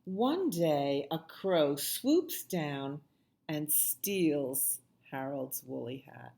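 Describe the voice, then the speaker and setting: A woman librarian reading a picture book aloud at children's storytime, with soft asides to the kids. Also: low voice, expressive, vocal fry. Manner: slow, sing-song, with soft asides to the children.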